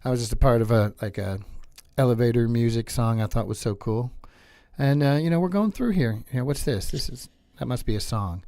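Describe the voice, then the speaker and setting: Speaking fairly quickly in a warm, mid-range voice, a comedian hosts a studio podcast with clean, echo-free sound. His casual chat rambles and leans heavily on filler words.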